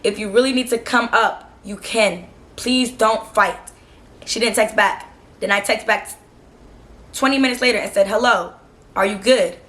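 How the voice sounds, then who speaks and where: A woman's voice: mid-range voice, moderate pace. A young woman vlogger telling a storytime in a casual, slangy, exasperated way. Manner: animated, frustrated, slangy retelling.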